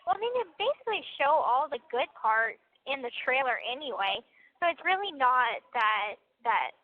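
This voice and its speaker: A woman's voice: sits high, sing-song. A young woman in her twenties chatting casually on a phone call from prison, giggling and eager. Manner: giggly, eager, drawn-out speech. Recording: tinny prison phone line.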